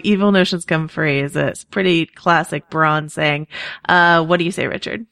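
A woman co-hosting a podcast in casual chat, chatty and quick to laugh, with lots of fillers. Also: on the low side, fairly bright tone, dry recording, clean studio sound. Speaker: podcast co-host.

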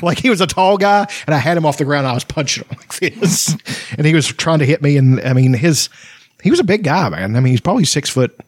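A man's voice: fairly high pitch, animated, brisk, no room sound. A man telling a rowdy fight story in casual chat, swearing freely and laughing as he talks. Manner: profane, boisterous storytelling with laughs.

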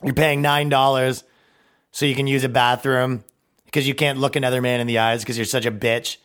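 A man's voice: medium pitch, little pitch movement, moderate pace, a bit bright, clear, resonant tone. A man hosting a comedy podcast, ranting in a profane, mocking way and slipping into silly put-on voices. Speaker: podcast host.

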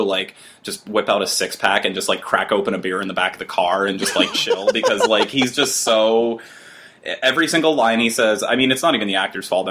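A man co-hosting a TV review podcast, talking in a casual, sarcastic, exasperated way, spinning animated riffs about what he watched. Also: lowish voice.

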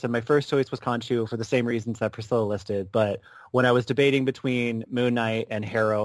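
A man co-hosting a casual podcast chat, animated and quick to laugh. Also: mid-range voice, no echo. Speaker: podcast co-host.

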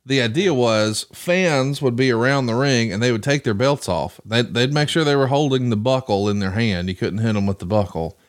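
A man's voice: mid-range voice, normal speed, hardly any pauses. A man co-hosting a podcast, telling long, wry stories in casual chat. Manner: long wry storytelling asides. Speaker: podcast co-host.

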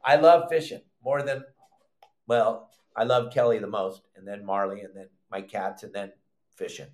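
An older man hosting a live fishing show, teaching in an animated, loud way with surfer slang. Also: on the low side, moderate pace, roomy sound. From Southern California.

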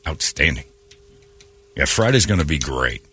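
A man hosting a morning radio show, telling animated stories and acting out the people in them in a casual, joking way. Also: rumbling low, moderate pace, slightly rough. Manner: animated storytelling with laughs and acted-out quotes.

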